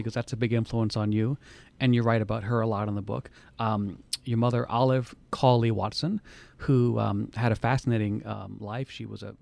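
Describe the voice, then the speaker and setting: A man's voice: lowish voice, vocal fry, darkish tone, no room sound. A man interviewing his mother, prompting her with details and questions. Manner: fast, prompting, fills in details.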